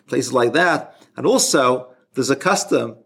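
A man giving an informal spoken religious lesson as a rabbi, halting and often restarting his sentences. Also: medium pitch, animated, a bit bright, slightly rough. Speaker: rabbi teaching a class.

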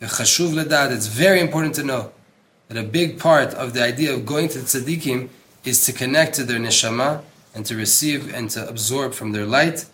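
A man's voice: mid-range voice, fairly quick, fairly bright tone, slight background noise. A man teaching a Torah class in an earnest, emphatic way, reading a text aloud and translating it, with Hebrew terms mixed into his speech. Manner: earnest, emphatic, repeats words for stress. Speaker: religious teacher.

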